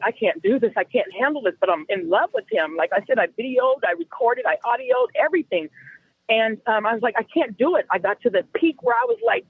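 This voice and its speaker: A woman calling in to a show, telling a long story in an animated, rambling way over the phone. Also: fairly high pitch, husky, no echo. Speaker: caller. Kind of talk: call-in storytelling. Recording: tinny phone line.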